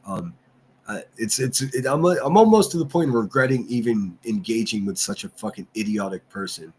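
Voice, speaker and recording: A man's voice: on the low side, expressive, brisk, slightly rough. A man hosting a livestream, ranting and mocking in casual commentary and answering his chat. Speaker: livestream host.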